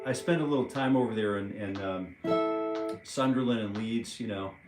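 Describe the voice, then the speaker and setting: A man's voice: fairly low pitch, moderate pace. A man hosting a casual live-stream guitar lesson, chatting in a rambling way and counting rhythms aloud while he plays, recorded on a propped-up phone at home. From United States. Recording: roomy echo under loud guitar playing.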